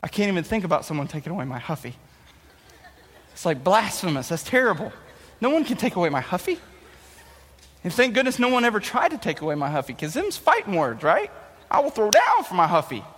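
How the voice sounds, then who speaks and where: A young man with a notably high voice tells an animated, playful story as a youth speaker. His jokey delivery rings out with a long hall reverb. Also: a little fast, slight background noise. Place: large hall before an audience.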